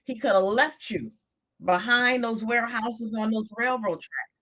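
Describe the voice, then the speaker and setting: A woman's voice: on the high side, measured pace, a bit bright. An older woman talks to her live-stream audience as a coach. She is emphatic and repeats short phrases to drive her points home.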